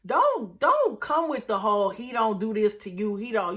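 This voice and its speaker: A woman talks through a reality show episode in a casual, chatty way. Her voice is bright and forward, and she keeps breaking into exclamations. She acts out the quoted lines in a lower voice. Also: big pitch swings, normal speed. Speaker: reality TV recap host. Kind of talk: casual recap commentary.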